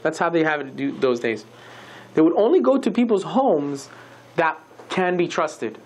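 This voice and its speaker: A woman giving a religious lecture, telling a story in an animated, conversational way with many asides. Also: low-pitched, normal speed.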